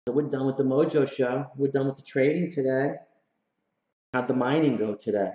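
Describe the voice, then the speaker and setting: A man's voice: medium pitch, steady tone, normal speed, mellow. A man hosting a casual livestream from his home office, hyped and slangy, often laughing. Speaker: host. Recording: roomy, slightly dull room sound.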